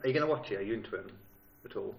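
A quick-talking man hosting a relaxed podcast conversation, chatty and quick to laugh. His voice rings in a noticeably echoey room. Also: on the low side, vocal fry. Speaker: podcast host. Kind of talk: casual chat.

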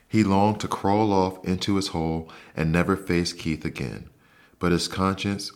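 A man narrating a bedtime story in a soft, unhurried, soothing way. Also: deep voice. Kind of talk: calm scripted bedtime narration.

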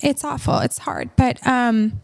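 A woman's voice: on the high side, sing-song, unhurried, gravelly, no echo. A woman hosting a podcast and speaking to listeners in a tender, reassuring, emotional way. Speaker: podcast host and coach. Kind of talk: heartfelt podcast monologue.

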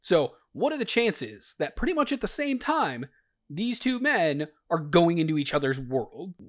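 A man hosting a podcast, walking his co-host through a movie's plot and teasing her gently. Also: fairly high pitch, sing-song, measured pace. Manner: leading, teasing, explains plot. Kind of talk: casual movie review chat.

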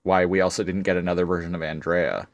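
Man for casual podcast talk, low and dry, halting delivery. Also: flat delivery, no room sound, lo-fi sound. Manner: hesitant, many fillers and restarts, laughs often. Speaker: podcast co-host. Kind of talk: casual chat.

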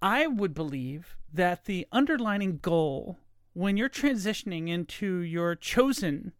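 Smooth-voiced woman hosting a podcast. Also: fairly low pitch, big pitch swings, measured pace, no echo, clean studio sound. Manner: chatty, meandering, friendly. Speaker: podcast host. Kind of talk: casual solo podcast monologue. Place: at home late at night.

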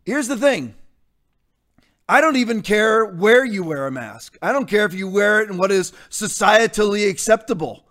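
A man's voice: high-pitched, lively intonation, moderate pace, fairly bright tone. A man preaching as a pastor in a blunt, defiant rant, repeating his points for emphasis. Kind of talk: combative sermon rant.

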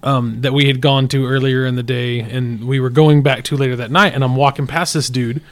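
A man's voice: mid-range voice, steady tone, brisk. A man from Amarillo, Texas, telling stories in a loose, joking, casual podcast chat. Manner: joking storyteller, swears casually.

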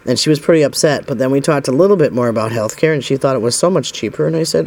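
A man's voice: mid-range voice, fast talker, gravelly, hardly any pauses, a little mellow. A middle-aged man from the United States tells a personal story in a rambling, casual way, voicing the dialogue with lots of "I said" and "he says".

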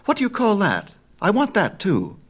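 A young man reads a storybook myth in a low voice with wide pitch swings and an ordinary pace. He plays a grand, proud sun god, sounding haughty and imperious, full of lofty disdain.

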